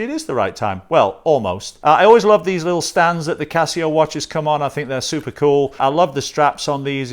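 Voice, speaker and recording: Upbeat chatty man, slightly high voice. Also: clean tone. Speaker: host of a watch channel. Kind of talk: casual unboxing vlog.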